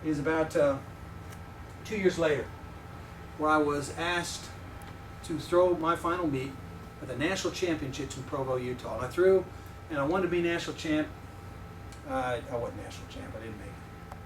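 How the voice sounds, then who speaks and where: A man's voice: fairly high pitch, normal speed, pauses often, slight background noise. A middle-aged man preaching as a visiting professor, telling personal stories and joking with the audience. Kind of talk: sermon with personal storytelling. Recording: echoey room, mic heard from a distance.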